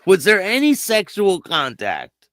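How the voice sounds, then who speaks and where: A man's voice: sits high, huge pitch swings, measured pace, a bit bright, no echo, studio quality. A man hosting an interview, asking short probing questions. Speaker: host.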